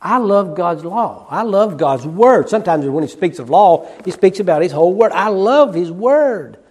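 A male preacher with a high voice delivers a sermon in a church sanctuary with a long, ringing reverb. He swings from loud, rapid bursts of emphasis to hushed, slow passages. He drives each point home by repeating it. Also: lively intonation, breathy edge. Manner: repeats key phrases for emphasis. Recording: long reverb of a large hall.

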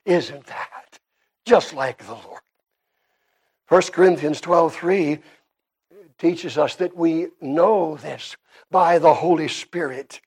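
Here a man with a Canadian accent gives an emphatic sermon that swings from quiet to loud. His pitch is fairly high, and there's a slight roughness to his voice.

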